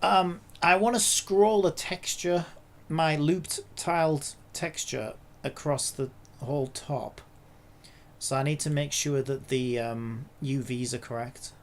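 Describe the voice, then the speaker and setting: A woman's voice: low-pitched, slow pace. A woman, a game developer, talking to herself in a casual dev log, frustrated and swearing a lot.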